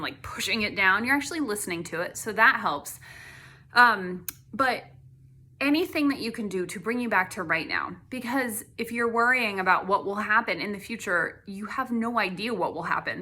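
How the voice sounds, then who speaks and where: A middle-aged woman artist talking casually to camera, chatty with many fillers, sometimes dropping to a soft hush. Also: medium pitch. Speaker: artist and host.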